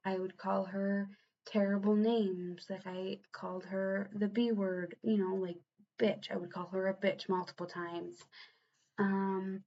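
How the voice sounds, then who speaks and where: Young woman, mid-pitched, earnest and halting, restarting her sentences as she speaks in a confessional vlog, slightly dull lo-fi recording. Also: darkish tone. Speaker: vlogger and new mother.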